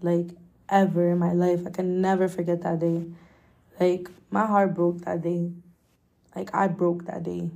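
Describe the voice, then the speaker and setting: A young woman with a low, gravelly voice and a mellow, dark tone, speaking candidly and emotionally. She hosts her own podcast, swears freely and leans on "like" as she talks through a personal story. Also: level tone, measured pace, muffled recording. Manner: candid, emotional, swears often, many filler likes. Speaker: podcast host.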